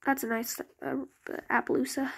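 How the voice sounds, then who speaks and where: High-voiced young woman chatting over gameplay. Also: level tone, moderate pace, creaky, fairly bright tone, breathy edge. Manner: chatty, rambling, self-correcting. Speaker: gaming YouTuber. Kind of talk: casual gameplay commentary. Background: game music.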